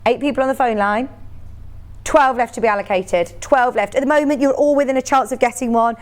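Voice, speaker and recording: A woman's voice: on the high side, a little fast. Bubbly, chatty woman selling fabric on TV. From United Kingdom. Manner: chatty and bubbly, laughs often. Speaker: shopping channel presenter. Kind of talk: live TV sales pitch.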